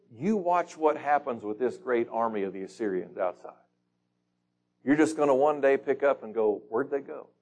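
A man with a medium-pitched, darkish voice leads a Bible study, reading scripture aloud and asking the group questions. His teaching style is casual and conversational.

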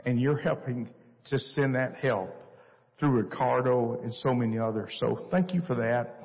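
An older man, a missionary speaker, telling a church story earnestly with many pauses. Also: medium pitch, gravelly. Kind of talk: church talk. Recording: echoey church hall, dull lo-fi sound.

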